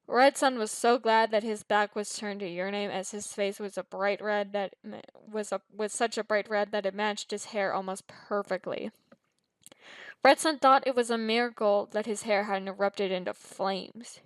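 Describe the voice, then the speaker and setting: A woman reads a fan fiction story aloud in plain storybook narration, often tripping over words and starting lines again. Her voice sits at an average pitch and is recorded dry, with no echo. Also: fairly even intonation, normal speed. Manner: frequent stumbles and restarts.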